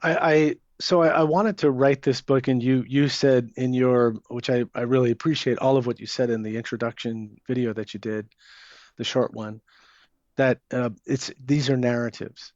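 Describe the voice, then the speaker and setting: A man's voice: medium pitch, fairly even intonation, normal speed, darkish tone, no echo. A man, an author giving an interview, talking casually and hesitantly with many fillers and restarts. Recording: dull lo-fi sound.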